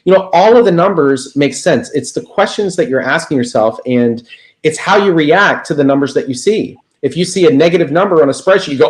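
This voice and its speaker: A man on a video call, a guest telling an animated story in a casual interview. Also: mid-range voice, fairly quick, echoey room, low-quality recording. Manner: animated anecdote teller, lively quoted voices. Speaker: guest speaker.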